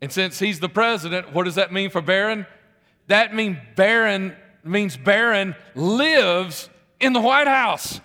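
A man delivers a sermon in a high, bright voice. He talks conversationally, circles back over his phrases and keeps putting questions to his listeners. His voice carries a long reverb, as in a large hall. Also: expressive, measured pace. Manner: conversational, repeats phrases, asks the congregation questions. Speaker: preacher.

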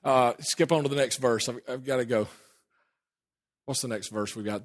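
A man preaching a sermon, emphatic and hurried, swinging between loud declarations and low asides. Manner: hurried, with restarts and asides to a helper. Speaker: pastor.

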